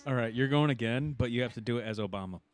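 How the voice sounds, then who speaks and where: A man's voice: medium pitch, rapid-fire, loud music behind the voice. A man co-hosting a podcast, bantering playfully and laughing often. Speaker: podcast co-host. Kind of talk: casual podcast chat. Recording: noisy podcast recording.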